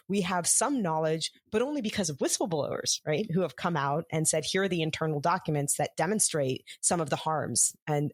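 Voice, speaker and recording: A woman's voice: deep voice, dry recording, clean studio sound. A woman hosting an interview podcast, framing long, articulate, thoughtful questions for her guest. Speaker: podcast host.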